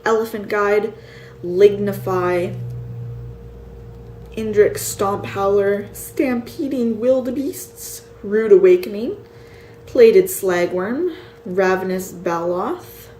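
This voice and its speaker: A sleepy woman at home drawls through a list of card names at a slow, unhurried pace, now and then unsure how one is said. Her voice bounces around an echoey room, with a faint hum of ambience behind it. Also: medium pitch, a little mellow. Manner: reads card names slowly, unsure of pronunciations. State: tired, yawning. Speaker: card collector showing a set. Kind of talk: casual show-and-tell.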